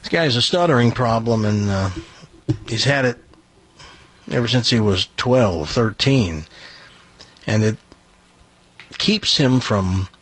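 Husky chatty radio host. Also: male voice, medium pitch, animated, takes it slowly, long pauses, fairly bright tone, no echo. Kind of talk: telling a joke on morning radio.

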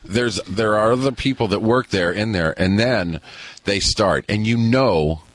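A man on a talk show, telling a rambling, animated anecdote with lots of stops and restarts. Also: lowish voice, slight background noise. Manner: animated, halting anecdote teller. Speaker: radio show regular. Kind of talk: casual storytelling.

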